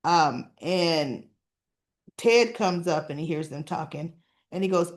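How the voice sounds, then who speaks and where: A woman's voice: fairly low pitch, expressive, slow. A woman talking casually as she recaps a soap opera episode, with frequent asides asking the listener "right?".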